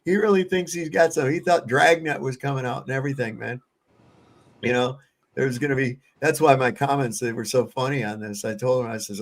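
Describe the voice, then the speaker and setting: A man's voice: mid-range voice, steady tone, fairly quick. A man hosting a casual livestream panel chat, telling stories in a loose, profane way and laughing often. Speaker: livestream host.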